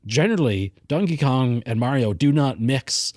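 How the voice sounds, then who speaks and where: A man's voice: medium pitch, animated, moderate pace, a little mellow, no echo. Chatty man with a dry close sound. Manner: chatty, self-deprecating, laughs easily. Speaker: podcast co-host. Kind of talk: casual film review chat.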